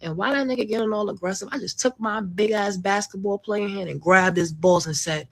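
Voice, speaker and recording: Brief: woman with mid-range voice, brash storyteller, slang, profane and animated. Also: medium pitch, brisk, vocal fry. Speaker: social media content creator. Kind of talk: storytime monologue.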